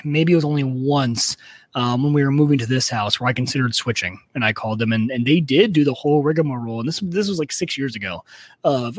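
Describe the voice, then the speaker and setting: Relaxed man co-hosting a podcast. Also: mid-range voice, fast talker, dry recording. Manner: relaxed, conversational, filler-heavy. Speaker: podcast co-host. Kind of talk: casual chat.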